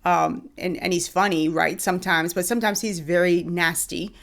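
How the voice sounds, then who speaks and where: A woman with a Bahamian accent talks straight to her viewers in a casual vlog. Her voice sits on the lower side for a woman. She is chatty and emphatic, often circling back with "you know" and "um.". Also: fairly even intonation, moderate pace, creaky. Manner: chatty, emphatic, many fillers and restarts. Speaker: vlogger host.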